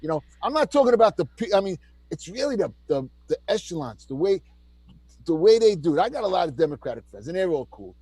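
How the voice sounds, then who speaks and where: A man co-hosting a heated political chat, talking in an animated, mocking, ranting way. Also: high voice, quick pace, breathy edge, no room sound. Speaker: co-host.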